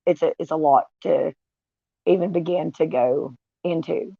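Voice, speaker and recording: A woman, vlogging in a candid, profane way with dark humor. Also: deep voice, unhurried, gravelly, dry recording. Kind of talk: casual, unfiltered storytelling. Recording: dull, dry lo-fi sound.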